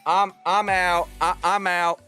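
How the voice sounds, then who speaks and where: A man's voice: high-pitched, level tone, slow, bright, forceful tone, soft background music. A man in his thirties chatting casually with viewers on a livestream, bubbly and theatrical. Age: 30s. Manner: bubbly and theatrical, bursts into playful screams.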